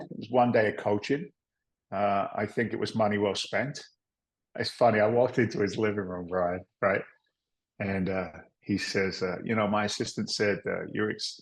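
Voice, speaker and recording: Low-voiced man telling candid stories. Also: poor audio. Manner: candid, rambling, salty, with frequent "right?" asides. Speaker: podcast guest, real estate investor. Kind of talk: casual storytelling interview.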